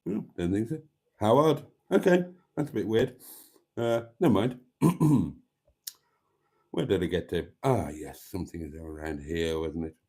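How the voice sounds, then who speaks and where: A chatty man hosting a live stream, reading viewer comments aloud and joking at his own expense. His pitch rises and falls a lot, and his tone is dark and mellow. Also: animated, unhurried. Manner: chatty, wry, self-mocking, reads out viewer comments.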